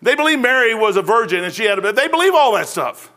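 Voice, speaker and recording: A man preaching a sermon from the pulpit. His voice sits high and sounds bright and forward. He talks in a folksy, conversational way, full of slang and quick asides. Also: big pitch swings. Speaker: pastor.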